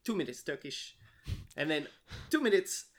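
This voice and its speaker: A man's voice: on the high side, big pitch swings, normal speed. A man co-hosting a casual podcast chat, talking animatedly with lots of fillers and acting out quotes. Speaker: podcast co-host.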